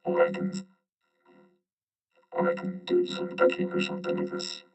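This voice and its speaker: A man's voice: very deep voice, completely flat delivery, normal speed, gravelly, faint music behind, voice pushed down, full character voice. A man talking through a robot voice filter, offhandedly demonstrating a voice changer. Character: low robotic machine voice.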